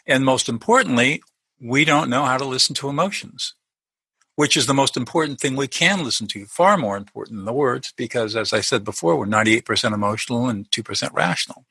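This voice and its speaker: Middle-aged male interview guest, earnest and explanatory, bright tone with a husky edge, dry sound. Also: medium pitch, lively intonation, a little fast, no room sound, rough recording. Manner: earnest, explanatory, restarts mid-sentence. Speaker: guest, lawyer turned peacemaker. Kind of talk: conversational interview.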